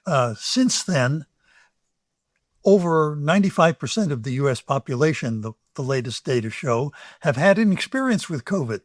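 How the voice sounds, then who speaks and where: An older man from the United States, an infectious disease expert answering interview questions in a measured, explanatory way with emphatic pauses and soft asides. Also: on the high side, expressive, no echo, studio quality.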